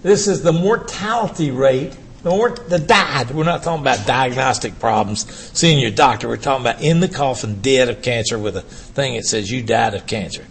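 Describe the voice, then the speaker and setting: A man's voice: medium pitch, moderate pace, husky. Older man lecturing with emphatic rhetorical questions. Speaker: urology professor giving a lecture. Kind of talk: academic lecture to an audience.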